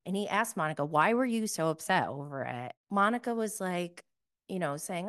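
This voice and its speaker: A woman's voice: on the low side, animated, moderate pace, fairly bright tone. A woman hosting a casual recap show, talking in a chatty, sarcastic way full of fillers. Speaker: podcast host recapping reality TV. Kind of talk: casual commentary.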